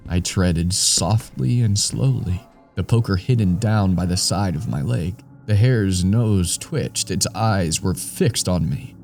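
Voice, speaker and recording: A man reading a scripted first-person horror story in a deliberate, ominous way. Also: fairly low pitch, a little mellow, soft background music.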